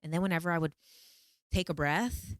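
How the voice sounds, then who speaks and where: A woman vlogger telling a personal story in a casual, animated way, acting out her own pleading lines in a higher voice. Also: fairly quick, no room sound, clean studio sound. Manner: animated, quotes herself in pleading high voice.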